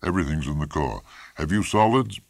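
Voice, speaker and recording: A man's voice: rumbling low, animated, a little fast, no room sound, studio quality, heavily acted. A man reading a story aloud, voicing a curt, confident professional hunting guide who talks in clipped phrases. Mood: brisk. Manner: clipped, terse.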